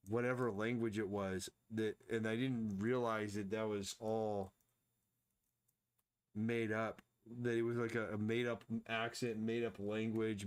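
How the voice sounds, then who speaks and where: Guy with a lowish voice chatting loosely while he sketches on stream, lots of restarts. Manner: rambling, thinks aloud, frequent restarts. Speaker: artist streaming his drawing. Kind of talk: casual live-stream commentary while drawing.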